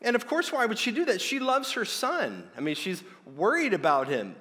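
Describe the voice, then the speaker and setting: A man preaching a sermon, earnest and emphatic, slowing down to stress key points. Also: sits high, very animated, pushed and bright. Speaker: pastor. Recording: long hall reverb.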